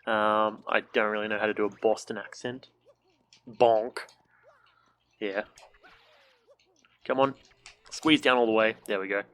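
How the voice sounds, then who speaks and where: A man's voice: lowish voice, fairly even intonation, unhurried, long pauses, a bit bright. A young man streaming a video game from a room at home, casual let's-play commentary, joking, swearing and making silly sound effects.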